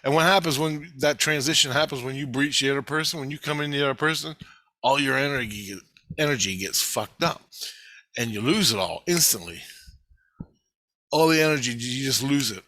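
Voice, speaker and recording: A man's voice: mid-range voice, fairly quick, sharp tone, dry recording. A man casually telling a personal story in a blunt, rambling way, swearing freely and laughing at himself. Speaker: vlogger.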